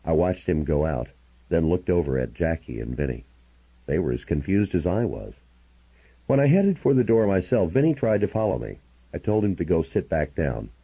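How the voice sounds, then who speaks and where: Deep husky male audiobook narrator. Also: big pitch swings, normal speed, muffled recording. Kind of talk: first-person audiobook narration.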